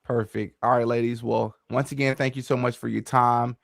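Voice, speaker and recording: A man's voice: medium pitch, little pitch movement, normal speed, creaky, no echo, studio quality. A man hosting a casual live podcast interview, often stammering and repeating words as he talks. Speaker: podcast host.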